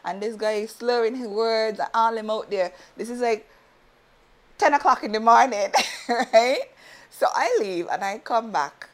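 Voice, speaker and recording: A woman's voice: fairly high pitch, a little slow. Laughing woman telling stories. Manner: animated storyteller, laughs often. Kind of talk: casual chat.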